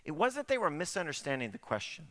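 A man's voice: fairly high pitch, big pitch swings, quick pace, bright, forceful tone. A middle-aged man preaching a conversational sermon, full of rhetorical questions. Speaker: pastor.

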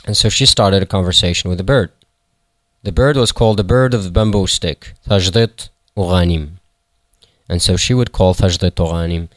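A man retelling a folktale in a halting way, with fillers and self-corrections. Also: deep voice, fairly bright tone, no echo. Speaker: storyteller.

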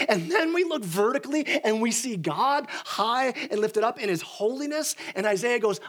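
A young man, a pastor, preaching a sermon in an animated way, with frequent restarts and acted-out quotes. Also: extremely high pitch, brisk, few pauses.

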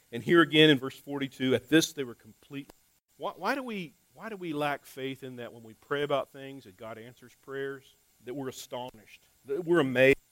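A man preaching a conversational sermon, full of rhetorical questions and repeated words, dropping to soft asides and rising to loud emphasis. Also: medium pitch, normal speed, dry recording, rough recording. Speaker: pastor.

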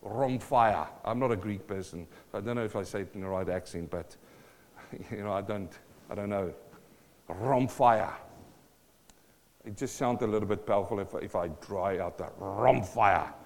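A man's voice: lowish voice, a little fast. Preaching man in an echoing hall. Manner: animated preaching, repeats phrases, laughs between points. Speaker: pastor. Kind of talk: sermon. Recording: long hall reverb.

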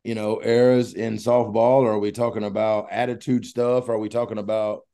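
A man hosts a casual coaching podcast with a mellow, dark tone. His voice carries a gravelly edge. He talks in an eager, loosely rambling way. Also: on the low side, little pitch movement, moderate pace. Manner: enthusiastic, rambling.

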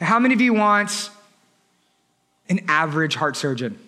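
A male pastor preaching with humor, telling the story in a lively way and breaking off for asides to the congregation. His voice is high and bright, with a sharp, clear edge. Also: moderate pace, a little hiss or hum. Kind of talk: sermon.

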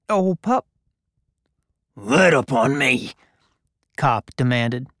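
A man reading a gritty story aloud in a measured, deliberate narration. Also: mid-range voice, dry recording, studio quality. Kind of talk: scripted narration.

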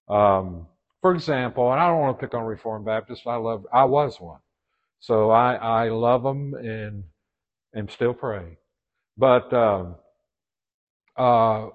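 A man's voice: medium pitch, muffled recording. A man with a Southern US accent teaching a church leadership class in a folksy way, with joking asides and frequent restarts. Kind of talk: informal church class lecture.

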